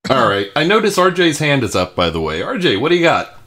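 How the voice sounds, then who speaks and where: A man hosting a livestream panel in casual chat, wry and quick to laugh as he calls on panelists. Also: medium pitch, big pitch swings, fairly bright tone. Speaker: livestream host.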